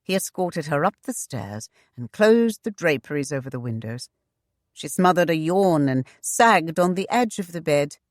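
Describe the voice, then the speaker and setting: A woman reading a historical romance audiobook in a measured, expressive way. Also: low-pitched, dry recording, studio quality. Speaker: audiobook narrator. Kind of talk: scripted narration.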